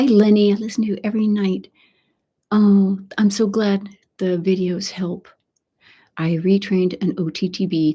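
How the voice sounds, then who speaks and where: A woman with a Texan accent hosting a live ASMR stream, chatting softly and slipping in and out of a whisper. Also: fairly low pitch, breathy edge. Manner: soft-spoken, drifts between whisper and voice. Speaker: ASMR channel host.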